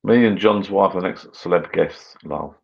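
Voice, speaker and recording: A man's voice: deep voice, moderate pace, gravelly, dull audio. A middle-aged man hosting a casual live chat over drinks, rambling on as he reads out comments. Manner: rambling, mumbling on. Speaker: livestream host. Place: garden bar shed at home.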